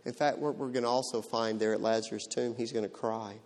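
A man preaching a sermon in a dramatic way, swinging from loud to hushed. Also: medium pitch, steady tone, fairly quick. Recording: long hall reverb.

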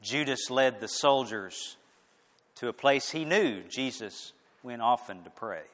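A male preacher delivering a sermon in a slow, deliberate cadence, his voice sitting a little high and rising and falling with lively pitch. He swings between loud declarations and hushed lines, with a long reverb trailing behind him as in a large hall.

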